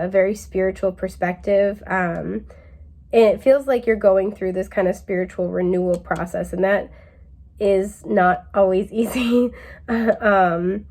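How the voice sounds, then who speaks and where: A woman talks through a pick-a-card tarot reading in a loose, chatty way, full of ums and little laughs. Her voice sits in an ordinary middle range, and she sometimes slips into a mellow drawl to quote someone. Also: medium pitch. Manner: chatty and laid-back, many fillers, laughs often.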